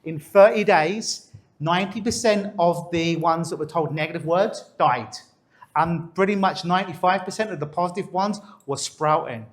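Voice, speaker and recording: A man's voice: fairly high pitch, moderate pace. A man working as a stage hypnotist, coaxing and instructing a volunteer during a live demonstration on stage. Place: on a stage before an audience.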